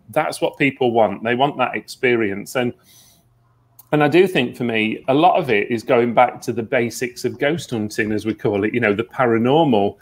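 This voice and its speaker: A man, a psychic medium guest, telling stories earnestly in a relaxed interview, with many fillers. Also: medium pitch, moderate pace. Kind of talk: conversational interview.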